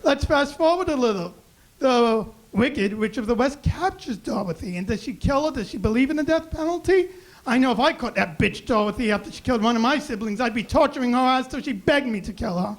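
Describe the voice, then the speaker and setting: A male stand-up comedian whose voice sits strikingly high. He works a comedy club stage, retelling a story with sarcastic, mock-outraged asides. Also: animated, brisk.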